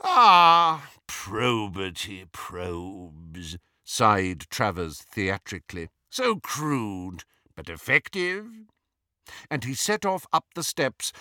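A man reading a story aloud as an audiobook narrator, measured and expressive, voicing the characters as he goes. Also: mid-range voice, dry recording, clean studio sound.

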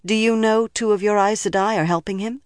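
A narrator voicing an earnest, uneasy young woman from a village who speaks softly, in a dry studio audiobook. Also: medium pitch, steady tone, a little fast, no room sound, pitched above the performer's own voice, natural voice. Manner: uneasy, soft-spoken.

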